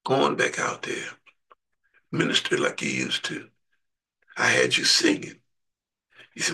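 A man preaching a sermon and leading a prayer, impassioned, surging from hushed to shouting. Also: rumbling low, wildly swooping pitch, a little slow, vocal fry, pauses often, breathy edge, recorded from a distance.

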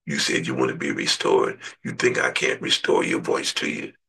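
A man preaching a sermon and leading a prayer, impassioned, surging from hushed to shouting. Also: very deep voice, expressive, moderate pace, vocal fry, recorded from a distance.

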